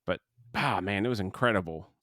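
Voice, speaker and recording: Hiccuping his way through a casual movie review chat, this podcast co-host rambles and keeps restarting sentences. His voice is lowish and fairly bright, his delivery brisk, and the studio-quality recording has no echo.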